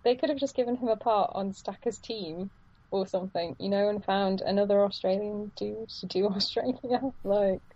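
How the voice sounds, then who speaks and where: A woman's voice: mid-range voice, steady tone, moderate pace, darkish tone, dry recording, lo-fi sound. A woman co-hosting a casual chat, rambling with many restarts and frequent laughs.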